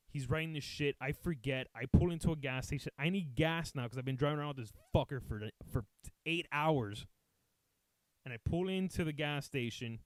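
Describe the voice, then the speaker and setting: A man's voice: mid-range voice, no room sound. A man telling a comic story in a casual, profane way, acting out what everyone said and slipping between English and Spanish. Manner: profane, animated, acts out quotes, switches between English and Spanish. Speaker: podcast host telling a story.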